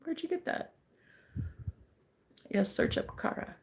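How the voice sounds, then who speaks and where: A brash, joking woman chatting casually as a streamer, breaking into laughter often. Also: slow. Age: adult, married eight and a half years. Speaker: psychic streamer. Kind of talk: casual chat.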